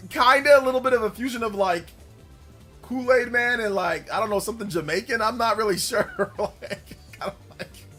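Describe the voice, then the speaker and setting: A man's voice: high-pitched, a bit bright. A young man streaming a video game live, chatting casually, rambling and repeating himself and laughing easily.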